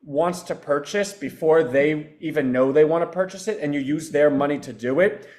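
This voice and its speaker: A man's voice: on the high side, moderate pace, darkish tone. A man who founded a company, explaining his AI product in a loose, rambling live-stream chat with self-deprecating asides.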